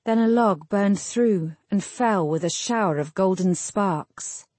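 Husky, mellow woman reading a novel. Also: medium pitch, no room sound. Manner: measured, lyrical storytelling. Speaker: audiobook narrator. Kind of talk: scripted narration.

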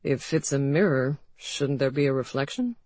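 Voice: mid-range voice, lively intonation, moderate pace, darkish tone, no room sound, natural voice. A narrator voicing a whimsical, wealthy young husband who jokes in a mock-solemn way. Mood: playful.

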